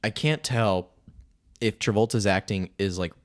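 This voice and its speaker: A man co-hosting a podcast in casual movie chat, animated and quick to chime in with agreement. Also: lowish voice. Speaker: podcast co-host.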